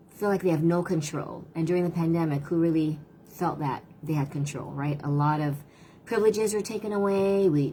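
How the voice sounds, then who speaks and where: A middle-aged woman with a low voice talks through parenting tips, earnest and chatty. She often slips into quick acted-out lines of what kids and parents say. A faint hiss sits under the recording. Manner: earnest, lively and talkative, acts out quotes of kids and parents. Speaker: parenting coach hosting a live stream. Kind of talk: casual advice talk to camera.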